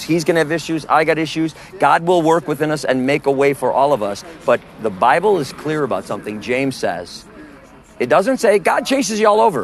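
Emphatic street preacher, a man, slightly high. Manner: emphatic, forceful, quizzes listeners with questions. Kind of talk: outdoor street preaching in conversation.

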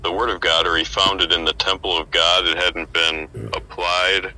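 A man's voice: sits low, level tone, moderate pace, bright, forceful tone, low-quality recording. A man who preaches on the street, talking in a casual Bible discussion, thinking aloud and hesitating as he searches for words.

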